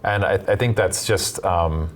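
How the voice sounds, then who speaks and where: A man delivers political commentary in a lowish voice. He talks in quick, animated bursts and tells stories with energy. He sounds like a studio guest. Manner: animated storyteller, quick bursts when making points.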